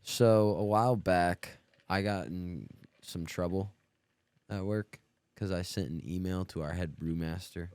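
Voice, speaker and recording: A man in his twenties, co-hosting a podcast and telling a story in casual chat, animated and swearing freely. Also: deep voice, a little slow, smooth, dry recording. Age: 20s. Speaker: podcast co-host. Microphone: studio podcast mic.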